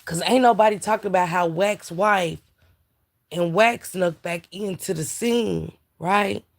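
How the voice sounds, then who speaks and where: Slow, gravelly-voiced tired woman streamer. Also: on the low side. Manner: chatty, greets viewers in chat. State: tired, yawning. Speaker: livestream commentator. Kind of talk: casual live-stream gossip commentary.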